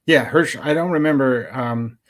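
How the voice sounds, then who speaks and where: A man's voice: medium pitch, moderate pace. A man co-hosting a sports betting show, chatting casually and rambling with many ums and restarts.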